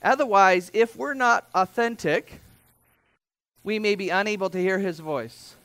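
A man preaching a sermon as pastor, speaking in a conversational way with asides and quick self-corrections. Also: high-pitched, fairly bright tone, clean tone, dry recording.

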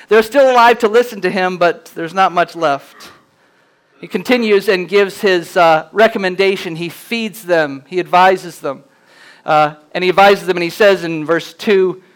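A man preaching a sermon, earnest and plainspoken, slowing down to read scripture aloud with rising emphasis. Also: sits high, clear, resonant tone, low-quality recording. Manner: reads scripture slowly and deliberately, rising for emphasis. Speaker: pastor.

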